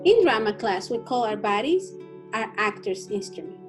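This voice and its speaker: A woman's voice: a little high, sing-song, normal speed, over music. A woman co-hosting a children's drama class, cheering on the young viewers as they practice their voices. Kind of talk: upbeat children's TV presenting.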